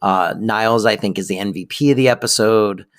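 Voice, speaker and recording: A man's voice: lowish voice, brisk. A man co-hosting a podcast, chatting casually and enthusiastically about a sitcom episode. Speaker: podcast co-host. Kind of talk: casual chat recapping a sitcom.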